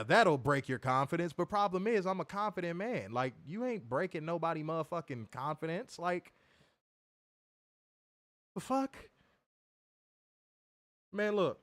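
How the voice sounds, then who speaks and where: Animated man. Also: high voice, dry recording. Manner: animated, mocking, lively storytelling with impressions. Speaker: wrestling review show host. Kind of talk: casual profane podcast banter.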